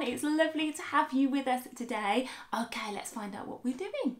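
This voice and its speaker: A woman in her thirties leading a children's music lesson, upbeat and encouraging, explaining things slowly and clearly. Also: sits high, lively intonation. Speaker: music teacher.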